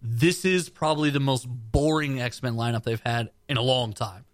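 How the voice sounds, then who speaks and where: A man's voice: medium pitch, no echo. A man co-hosting a casual community radio talk show, joking and opinionated about comics. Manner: joking, opinionated, quick banter. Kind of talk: casual comic book chat.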